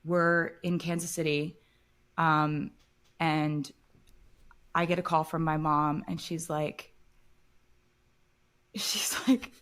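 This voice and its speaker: A woman's voice: low-pitched, slow pace, long pauses, clean tone. Woman telling an emotional story. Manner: emotional, animated retelling. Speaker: interview guest. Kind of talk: casual podcast storytelling.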